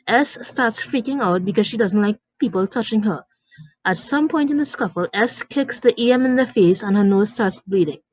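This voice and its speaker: A woman's voice: medium pitch, dry recording. A woman reading a story aloud with dramatic, indignant storytelling, in a dry, dull lo-fi recording. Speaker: story narrator.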